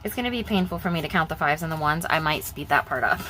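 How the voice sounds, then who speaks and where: Chatty young woman with a lowish voice. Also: expressive, quick pace, background noise. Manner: chatty, rambling, repeats herself. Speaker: budgeting vlogger. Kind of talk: casual vlog chat.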